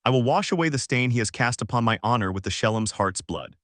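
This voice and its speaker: A man reads an enraged father from a classic storybook, hurling oaths and threats. The voice sits at a middle pitch and sounds dry and close, with no room around it. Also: lively intonation, quick pace, a bit bright, no echo, lightly acted. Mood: threatening. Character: furious German jeweler father, blustering.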